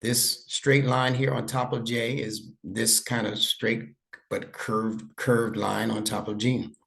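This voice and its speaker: A man's voice: mid-range voice, level tone, takes it slowly, vocal fry, fairly bright tone. A man teaching an online lesson over a video call, patient and encouraging, praising his student often. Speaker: instructor.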